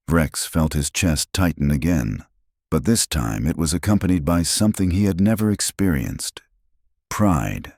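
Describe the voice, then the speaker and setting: A man with an extremely deep voice reads a science fiction story in steady, even scripted narration. The sound is dry and close to the mic, with no room around it. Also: measured pace, no room sound.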